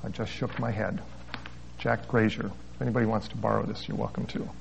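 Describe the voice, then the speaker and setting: Wry pastor reading a story aloud. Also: male voice, fairly low pitch, little pitch movement, fairly quick, creaky, background noise. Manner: storytelling with wry asides, chuckling. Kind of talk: sermon with a read-aloud story. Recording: dull lo-fi recording.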